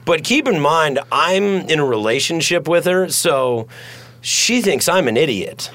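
A man's voice: fairly high pitch, animated, a little slow, a bit bright. A man co-hosting a podcast in casual chat from a studio, rambling through jokey stories and laughing often. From United States. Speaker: podcast co-host.

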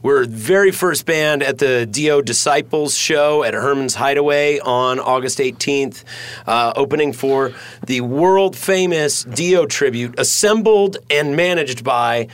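An American podcast co-host with a medium-pitched voice chats casually in a studio, taking his time as he rambles through jokey stories and laughs often.

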